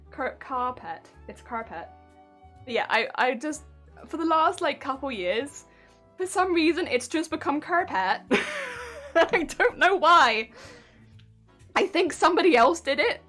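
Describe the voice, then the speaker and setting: A woman with a high voice works on a cosplay prop during a live stream, chatting with viewers, giggling, and reacting to messages as her pitch rises and falls. Quiet, soft music plays in the background.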